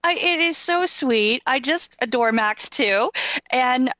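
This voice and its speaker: A woman's voice: sits high, expressive, slow pace, bright, forceful tone, no echo. A woman hosting an interview, chatting casually and enthusiastically with her guest. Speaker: podcast host.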